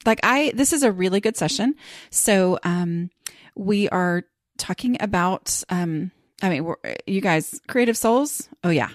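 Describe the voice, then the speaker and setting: A woman's voice: fairly low pitch, gravelly, no echo, clean studio sound. A woman hosting a podcast, chatting casually and rambling with many fillers. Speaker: podcast host.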